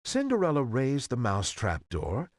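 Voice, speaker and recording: A man narrating an old fairy tale in an expressive, old-fashioned reading style. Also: mid-range voice, moderate pace, no echo, studio quality. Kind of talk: storybook reading.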